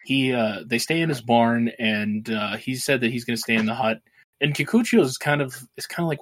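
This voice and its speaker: A man's voice: medium pitch, brisk, fairly bright tone. A man co-hosting a podcast, casually recapping a film's plot in a rambling way, swearing and laughing as he goes. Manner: rambling, swears freely, laughs while retelling. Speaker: podcast co-host.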